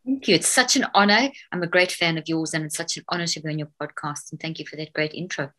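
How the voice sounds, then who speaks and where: A middle-aged woman with a South African accent speaks as a podcast guest. Her voice sits a little low for a woman, and she talks in an earnest, animated way, with quick laughs. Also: rough recording. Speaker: guest neuroscientist. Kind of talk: podcast interview.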